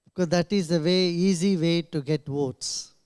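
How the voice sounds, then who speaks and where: A man answering questions at a press conference in a slow, measured way, pausing often with small laughs. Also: a little high, clear, resonant tone. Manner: slow, measured, with many pauses and soft laughs. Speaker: invited speaker. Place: press club conference room.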